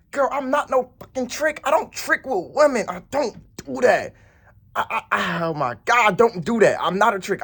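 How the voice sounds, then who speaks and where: A man's voice: sits high, fairly bright tone, slightly rough. A man telling a story to camera in a blunt, profane, rambling way. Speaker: vlogger. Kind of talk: casual storytelling.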